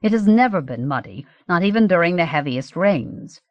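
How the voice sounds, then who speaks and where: A woman's voice: on the low side, expressive, normal speed, no echo, highs cut off, natural voice. A woman voicing a grave, formal older archduke in an audiobook. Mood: worried. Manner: formal, explanatory. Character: grave older male archduke, anxious guide.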